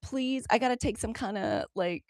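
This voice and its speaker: A woman's voice: a little high, normal speed, darkish tone, no echo, clean studio sound. An American woman hosting a live stream, chatting casually with viewers and talking through the app controls as she goes. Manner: chatty, fumbling aloud with app controls, addressing viewers as y'all. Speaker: livestream news host.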